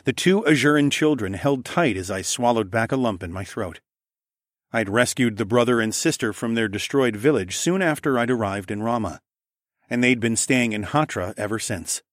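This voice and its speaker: A man's voice: medium pitch, animated, moderate pace, no echo, studio quality. A man narrating a first-person fantasy audiobook in an easy storytelling manner.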